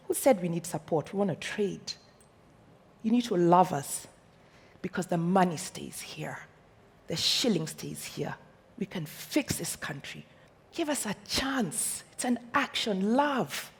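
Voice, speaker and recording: Kenyan woman, husky breathy voice, lowish pitch, fiery motivational talk, echoey hall with long reverb. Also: moderate pace, a little mellow, some chatter behind. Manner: passionate, fiery rhetorical questions. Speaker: speaker. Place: stage in a large hall.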